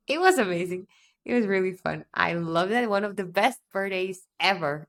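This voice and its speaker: A woman's voice: medium pitch, a little fast. A woman in her twenties from North Macedonia, a teacher chatting with enthusiasm in an interview, gushing and laughing often. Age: 20s. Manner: bubbly, gushing, laughs often, says "oh my God". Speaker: guest, English teacher. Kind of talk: casual interview chat.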